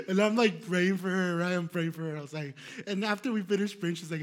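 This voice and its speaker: A young male pastor telling a story in a sermon, animated and laughing, with many fillers. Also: high-pitched, fast talker.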